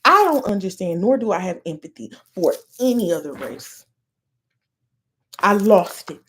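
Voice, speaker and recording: Speaking at a measured pace with a sing-song lilt and medium pitch, this woman hosts a podcast. She's American, from the United States, and she delivers a fiery solo rant full of profanity and blunt stress.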